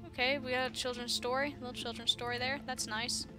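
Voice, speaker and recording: A woman's voice: on the high side, level tone, fast talker, few pauses, music in the background. A young woman giving casual, chatty commentary while playing a horror game, with laughing asides. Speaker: gamer. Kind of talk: casual let's-play commentary.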